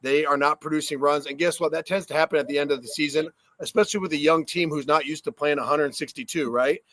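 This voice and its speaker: A man co-hosting a sports podcast, an animated storyteller who swears in casual chat. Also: on the high side, quick pace, dry recording. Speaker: podcast co-host, former player.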